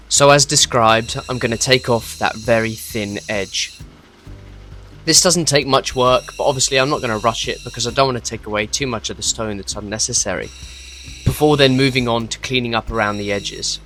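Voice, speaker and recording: A man narrates his opal cutting from a home workshop in a loose, explanatory way, stopping to laugh at himself. His voice sits at a middle pitch and has a bright, clear edge. Faint music runs quietly behind him. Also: moderate pace. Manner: chatty, explanatory, self-deprecating. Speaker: opal cutter and channel host.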